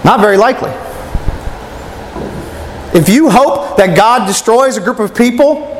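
A man preaching a sermon in a fairly high voice, pressing his listeners with rhetorical questions as he works through scripture. His words ring out with a long reverb, and there is a faint hiss of noise underneath. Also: expressive, measured pace.

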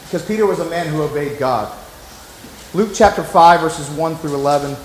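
A man's voice: fairly high pitch, normal speed, echoey room, slight background noise, rough recording. A man preaching a sermon as pastor, emphatic and conversational, often acting out the voices he quotes.

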